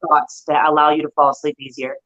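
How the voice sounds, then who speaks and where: Deep-voiced woman chatting about crystals. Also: flat delivery, quick pace, a bit bright, highs cut off. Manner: chatty, explains crystals simply. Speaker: guest, crystal seller. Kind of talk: casual chat.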